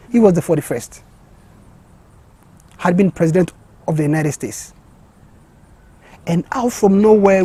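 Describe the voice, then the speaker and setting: High, husky-voiced man giving a motivational talk. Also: no room sound. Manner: impassioned, repeats words and restarts, rises to excited peaks.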